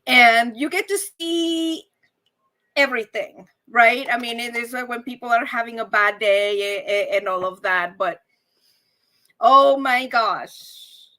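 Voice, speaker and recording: A woman hosting a casual live stream, chatting warmly and animatedly with viewers and calling them y'all. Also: a little high, moderate pace.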